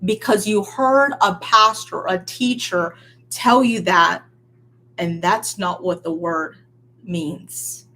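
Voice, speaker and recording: A woman preaching a sermon in an earnest, emphatic way, swinging between loud stresses and quiet, near-hushed lines. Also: fairly low pitch, slow pace.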